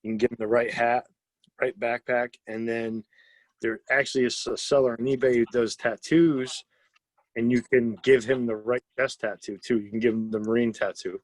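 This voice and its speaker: A man's voice: mid-range voice, little pitch movement, normal speed, no echo. A man in casual podcast chat, talking eagerly and rambling about his toy collection. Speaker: podcast co-host.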